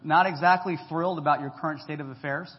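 A man preaching a conversational sermon, lively and joking as he talks straight to the congregation. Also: on the high side, fast talker. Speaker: pastor. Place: church hall. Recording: echoey hall, dull lo-fi sound.

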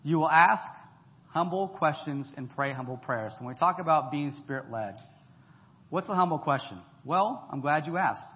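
A man preaching a conversational sermon, lively and joking as he talks straight to the congregation. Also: fairly high pitch, moderate pace. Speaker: pastor. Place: church hall. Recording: echoey hall, dull lo-fi sound.

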